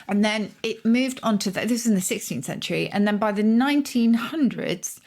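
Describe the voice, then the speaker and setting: A woman, co-hosting a podcast about words and explaining word origins in a thoughtful, measured way. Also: mid-range voice, a little mellow. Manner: thoughtful, explaining, with hedges like "if you like". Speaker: podcast co-host, word expert. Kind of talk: casual explanatory conversation.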